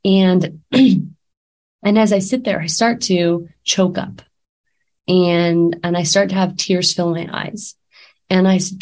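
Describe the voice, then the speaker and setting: A woman's voice: lowish voice, steady tone, takes it slowly, a little mellow. Candid woman life coach talking casually. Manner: candid, conversational, many fillers and restarts. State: a little sick. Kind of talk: casual talk to camera.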